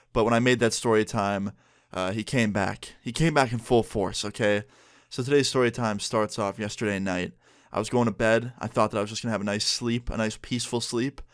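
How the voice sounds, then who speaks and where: Young man, casual story time vlog, smooth clear voice, dry close sound. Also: mid-range voice, no echo. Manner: chatty, animated retelling with many fillers. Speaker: vlogger.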